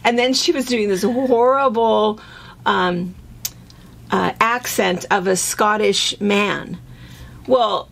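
Woman chatting away, rambly, bit of gravel in her voice. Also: medium pitch, slow pace, fairly bright tone. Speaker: host. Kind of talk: casual chat. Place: fabric shop.

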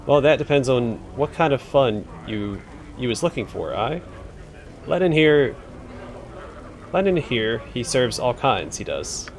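A man reading a rough, boozy male tavern drunkard in folksy broken grammar who keeps adding "aye". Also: mid-range voice, big pitch swings, measured pace. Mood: wheedling.

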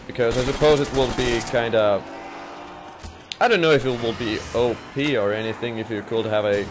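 A young man from Finland giving rambling, jokey commentary over his game. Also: mid-range voice. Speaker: gaming commentator. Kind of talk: casual gameplay commentary. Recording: noisy game audio behind.

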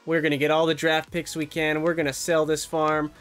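A young man giving excited, fast play-by-play commentary over his own hockey video game as a gaming YouTuber. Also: on the high side, clean tone. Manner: animated, fast play-by-play with yelps and laughs. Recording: background music under voice.

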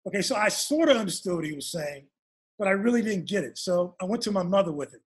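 A man's voice: high-pitched, expressive, fast, husky. A man, an author and guest, telling a long personal story in an interview and acting out his parents' lines.

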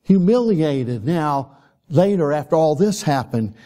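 Male pastor, high voice, mellow dark tone, church sermon. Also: expressive, a little slow. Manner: impassioned preaching, dropping to a soft prayer. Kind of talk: sermon and closing prayer. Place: church sanctuary.

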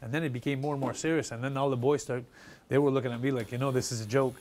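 A Canadian man, a retired pro wrestler, telling stories in an animated interview and acting out the people he quotes. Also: medium pitch, rapid-fire. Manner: excited, laughing storyteller who acts out quotes.

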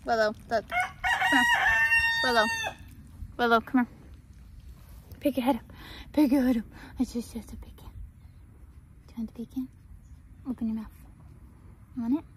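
Coaxing her animals outside, a farm vlogger chats casually at a moderate pace, leaving long pauses, her voice fairly high. Faint outdoor background noise surrounds her, along with farm animals and general outdoor ambience.

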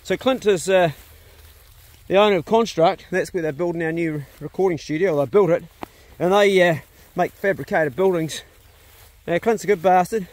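His voice is fairly high with a darkish tone. A homestead vlogger, he ambles around his rural land holding his phone to film, keeping up relaxed, meandering chatter and pet talk with his animals.

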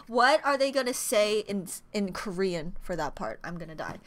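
A woman reacting to a live music performance in a vlog, gasping and gushing excitedly. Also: medium pitch, normal speed, a little hiss or hum. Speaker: reaction vlogger. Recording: music playing behind. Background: faint music.

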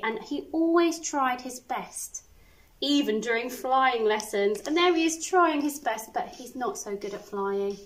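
A woman primary school teacher reading a picture book aloud to children, expressive with little asides. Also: a little high, poor audio. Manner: animated, expressive storytelling with asides.

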